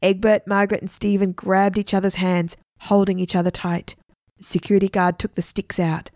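A woman storyteller reading a children's adventure story aloud with lively expression. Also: medium pitch, moderate pace, no echo, studio quality.

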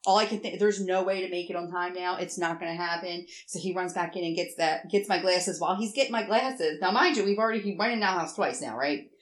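A woman telling a rambling story in casual chat, animated and swearing often. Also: on the low side, quick pace. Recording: roomy echo.

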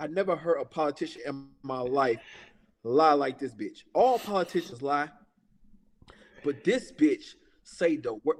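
A man's voice: fairly high pitch, big-room sound. A man in his thirties ranting in casual talk, heated and profane, repeating his points with emphasis. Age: 30s. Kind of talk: casual political rant.

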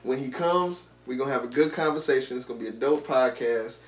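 A man co-hosting a podcast, speaking in a measured, casual way and often restarting his sentences. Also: mid-range voice. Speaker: podcast co-host. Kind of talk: casual chat. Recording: roomy with faint hum.

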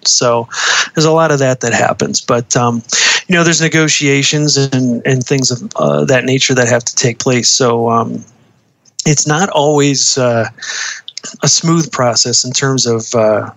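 A man's voice: medium pitch, fairly even intonation, unhurried, a bit bright. A man who works as a uniform designer, speaking casually in an interview, with many ums, uhs and restarts. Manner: hesitant, many fillers and restarts.

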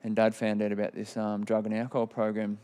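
A thirtyish man from Queensland, Australia, with an Australian accent, shares his personal testimony candidly and ramblingly, full of fillers. His voice is fairly low, mellow and monotone, and he talks fast.

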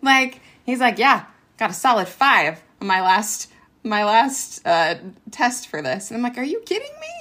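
A woman's voice: medium pitch, measured pace. A woman in her forties, an ed tech worker and former teacher, telling a story casually with lots of fillers and quoted back-and-forth. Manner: animated retelling with many fillers and quoted dialogue.

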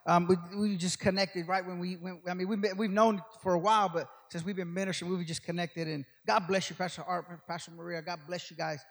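An older man preaching as a guest speaker, telling rambling stories that build to shouted preaching. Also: high-pitched, flat delivery, brisk, vocal fry, few pauses. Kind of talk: sermon. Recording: long hall reverb.

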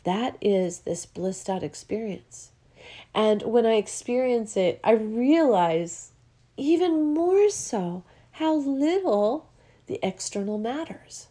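A woman speaking to her listeners as a spiritual teacher, gentle and meandering, often moved and full of fillers. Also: mid-range voice. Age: adult with a child. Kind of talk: heartfelt solo talk to listeners.

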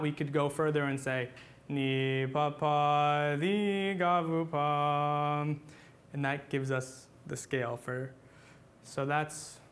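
A man's voice: mid-range voice, slight background noise. A man teaching a class on church chant, talking patiently with many fillers and restarts, and singing short examples.

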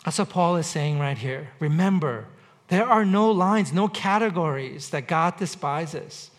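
In a church on Mercer Island, a pastor talks through his sermon in a conversational way, repeating points and adding dry humor. His voice is a little high, animated and a little slow.

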